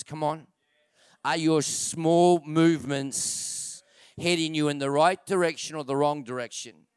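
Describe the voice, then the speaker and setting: A man preaching in church with a smooth, resonant voice set a little above the usual male range. He hammers key phrases twice and challenges his listeners with direct questions. The sound is close and dry, with hardly any room around it. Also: fairly high pitch, fairly even intonation, unhurried, no room sound. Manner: emphatic preaching, repeats key phrases for stress; rhetorical questions with calls to the congregation. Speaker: pastor. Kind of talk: sermon.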